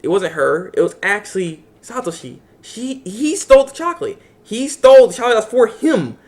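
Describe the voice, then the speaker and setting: A man's voice: high-pitched, very animated, moderate pace, a little mellow. A man rambling through a casual anime episode recap, acting out the characters' lines as he goes. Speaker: anime reviewer.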